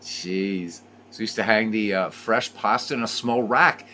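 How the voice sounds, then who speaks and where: A man chatting casually on a stream, telling rambling, animated stories. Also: lowish voice, measured pace, slight background noise. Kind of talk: casual chat while playing.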